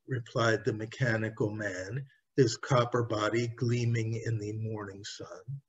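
Slow, husky male storybook reader. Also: lowish voice, fairly even intonation. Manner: slow, careful reading aloud. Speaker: author reading his own story. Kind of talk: storybook narration. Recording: dull lo-fi recording.

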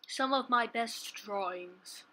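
Fairly high-pitched and sharp in tone, a woman takes it slowly as she jokingly comments on her own drawings. Showing off her art, she keeps dropping into silly put-on voices, goofy asides and sung snippets in playful comedic commentary.

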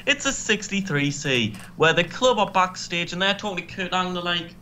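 Animated man with sarcastic banter. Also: sits high, moderate pace, hardly any pauses, a little hiss or hum. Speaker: co-host. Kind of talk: casual gaming commentary.

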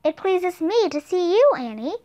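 A woman reading aloud and voicing a gentle enchanted selkie girl in a storybook, soft and formal. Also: very high-pitched, very animated, normal speed.

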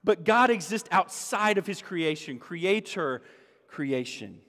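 A man's voice: sits high, expressive, slow pace, fairly bright tone, long reverb tail. A man preaching a sermon as a pastor, emphatic, repeating key phrases and rising to exclamations. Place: church sanctuary.

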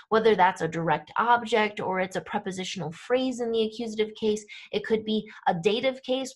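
Brief: woman in her thirties, language teacher, lightly high voice, patient explainer who checks in often. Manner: clear explanatory, checks in with "right?" and "okay?". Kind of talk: grammar lesson to camera.

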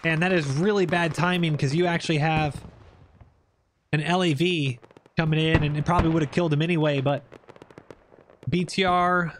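A man giving lively, joking play-by-play commentary over tactical shooter gameplay as the channel host. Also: fairly high pitch, moderate pace, pauses often, noisy background.

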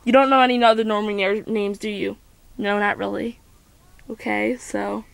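A woman's voice: mid-range voice, steady tone, normal speed, creaky, dry recording. A young woman playing out a homemade doll play, playful as she voices several characters.

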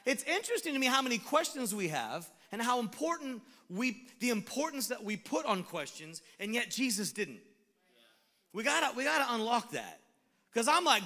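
A man preaching a sermon as pastor, animated, swinging between shouted lines and hushed asides. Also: sits high, moderate pace, in a large hall. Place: church sanctuary.

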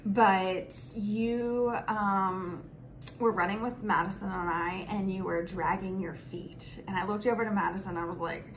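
A woman's voice: medium pitch, fairly even intonation, a little slow, a little hiss or hum, poor audio. A woman giving a chatty birthday message and telling a funny story about a friend. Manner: chatty and laughing. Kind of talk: casual storytelling tribute.

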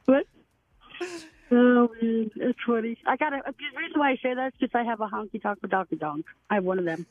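A woman's voice: fairly high pitch, fairly quick. A woman from North Carolina calling in to a radio show, gushing and giggly. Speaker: caller, listener. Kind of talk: excited on-air phone call. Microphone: phone call. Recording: tinny phone line.

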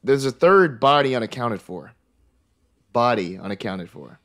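A man running a tabletop horror game as game master, narrating in a relaxed, conversational way with fillers. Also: medium pitch, unhurried.

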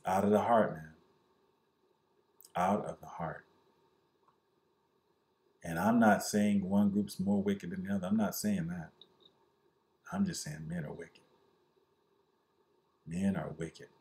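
A man's voice: low-pitched, slow pace, pauses often, darkish tone. A man giving a Christian commentary in an earnest, emphatic preaching manner.

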